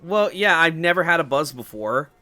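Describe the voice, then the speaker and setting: A man's voice: a little high, animated, normal speed, bright, forceful tone, no room sound. A young man hosting a let's play, chatting casually over gameplay with lots of fillers and swearing. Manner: rambling, swears freely, many fillers.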